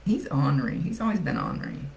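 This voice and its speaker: A woman's voice: very deep voice, wildly swooping pitch, quick pace, creaky, darkish tone, slight background noise, low-quality recording. A woman psychic medium chatting casually through a reading, laughing often as she relays messages.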